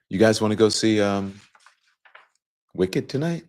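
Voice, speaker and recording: Animated male talk show host. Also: on the low side, slow, creaky, pauses often. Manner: animated, mocking, acts out quoted voices. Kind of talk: casual opinion talk to viewers.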